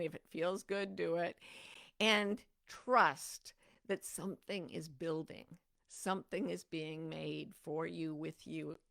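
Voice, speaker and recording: A woman's voice: lowish voice, vocal fry, a bit bright, dry recording, clean studio sound. A woman hosting a talk show, answering listener questions in an earnest, conversational way. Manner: earnest and conversational, acts out little dialogues. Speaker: host.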